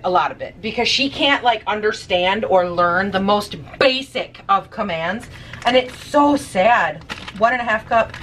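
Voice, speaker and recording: A woman's voice: mid-range voice, a bit bright, distant mic, slight background noise, poor audio. A young woman vlogging in her kitchen while she bakes, talking in a sassy, chatty way with casual swearing. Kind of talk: casual chat while baking. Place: home kitchen.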